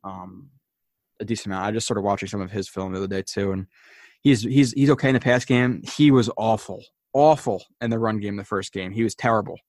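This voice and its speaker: A man's voice: lowish voice, fairly quick, darkish tone, dry recording, clean studio sound. A man hosting a show, casually breaking down football game film, thinking aloud with many fillers and restarts. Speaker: host.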